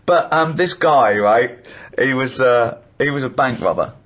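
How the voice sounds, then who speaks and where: A middle-aged man telling comic anecdotes in casual chat, animated and laughing as he acts out what people said. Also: mid-range voice, a little slow, lo-fi sound. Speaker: comedy podcast host.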